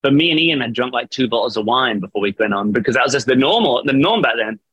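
A man's voice: medium pitch, lively intonation, fast, fairly bright tone, breathy edge, no echo, dull audio. A man telling a long, rambling story in a casual interview over a video call, laughing often and swearing. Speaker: band vocalist, guest.

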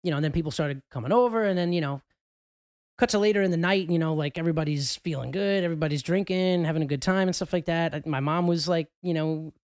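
A man's voice: fairly high pitch, quick pace, darkish tone, no room sound, studio quality. A man hosting a podcast, telling a story in a rambling way with lots of fillers. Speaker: podcast host. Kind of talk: casual chat, storytelling. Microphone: close podcast mic.

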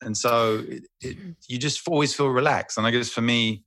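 Bright-voiced, foul-mouthed man. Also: medium pitch, fairly even intonation, normal speed, no room sound. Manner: crude, swearing, rambling anecdotes. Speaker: actor guest. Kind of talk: casual chat.

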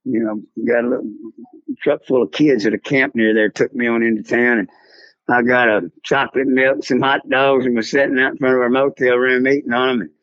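A man's voice: mid-range voice, fairly even intonation, fairly quick, fairly bright tone, no echo. Older texan guy spinning a yarn, dry close sound, kinda dull lo-fi audio. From South Texas. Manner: drawling, rambling storyteller, acts out voices in quotes. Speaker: guest. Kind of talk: storytelling in an interview.

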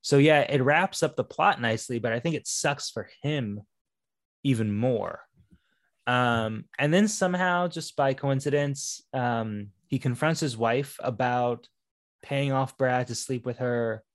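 A man's voice: medium pitch, measured pace, no room sound. A man co-hosting a casual movie review podcast, rambling with lots of fillers. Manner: rambling, filler-heavy, laughs along. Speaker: podcast co-host.

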